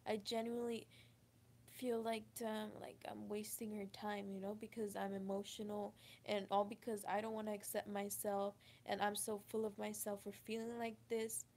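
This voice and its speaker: A woman telling a personal story to camera, halting and emotional, with many restarts. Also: medium pitch, level tone, a little mellow, a little hiss or hum. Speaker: vlogger. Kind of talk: confessional storytime.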